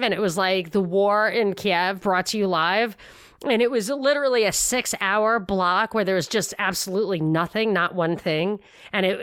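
A woman hosting a podcast, chatting casually and retelling a story with lively quotes. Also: mid-range voice, dry recording. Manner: animated retelling, quoting others, frequent laughs. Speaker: podcast host. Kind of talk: casual commentary chat.

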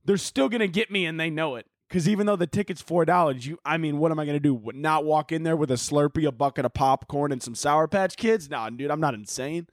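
A man's voice: fairly high pitch, brisk, hardly any pauses, no room sound, clean studio sound. A young man hosting a podcast, rambling through casual, profane, jokey chat and laughing often. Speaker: podcast host.

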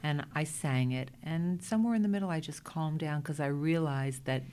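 A middle-aged woman with a Brooklyn accent, telling lively stories as a guest in a casual interview. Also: low voice, clean tone. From Brooklyn, New York. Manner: chatty, animated anecdotes with quick restarts. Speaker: guest, Broadway performer.

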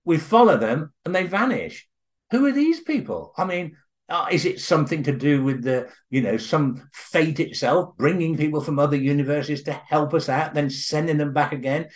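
An older man, a guest author telling a story in an interview, halting at times with restarts, then eager and animated. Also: on the high side.

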